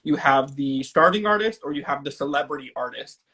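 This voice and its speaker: A man's voice: fairly high pitch, animated, fairly quick, sharp tone, husky. A man from Napa, California, interviewing an artist in a casual conversation, speaking thoughtfully with fillers and tag questions. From Napa, California, USA.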